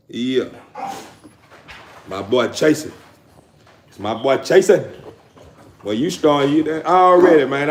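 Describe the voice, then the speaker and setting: A man's voice: fairly high pitch, a little hiss or hum. Stammering, drawling man on a livestream. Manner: loose, repetitive, stammering street talk. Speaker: dog-breeding channel host. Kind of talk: casual livestream chat to viewers.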